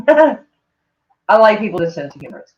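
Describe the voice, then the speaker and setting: A woman's voice: medium pitch, very animated, normal speed, highs cut off. A woman live-streaming in a casual chat, reading tweets aloud to her viewers, swearing freely and laughing often.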